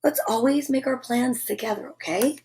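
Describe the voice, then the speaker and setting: A woman's voice: a little high, moderate pace, background noise, natural voice. A woman voicing a huffy little critter girl. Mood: gentle. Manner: scoffing, huffing. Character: prickly female storybook critter, proud of her porch.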